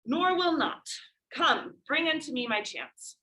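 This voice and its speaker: A woman's voice: high voice, sing-song, measured pace, sharp tone, voice pushed up, exaggerated voice, poor audio. A woman reading aloud as a proud male warrior prince, in a classroom play reading. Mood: declaiming. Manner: reading verse aloud from the text.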